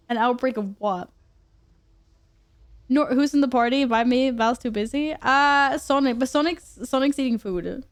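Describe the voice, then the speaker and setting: A young woman chatting casually on a game stream, joking and rambling with quick self-corrections. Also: high-pitched. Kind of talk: casual live-stream chat while gaming.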